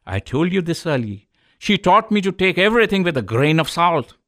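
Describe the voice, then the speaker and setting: A man's voice: fairly high pitch, very animated, moderate pace, fairly bright tone, no room sound, studio quality. A man who is a doctor hosting a local radio health show, telling corny medical jokes and calling his listeners folks. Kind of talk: joke-filled radio talk.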